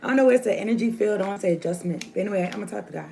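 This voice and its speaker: Gravelly-voiced woman doing a chatty tarot reading. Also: medium pitch, very fast, hardly any pauses, warm tone, soft background music. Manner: chatty, loose and rambling, slangy. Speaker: tarot reader. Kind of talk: casual tarot reading to viewers. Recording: noisy home recording.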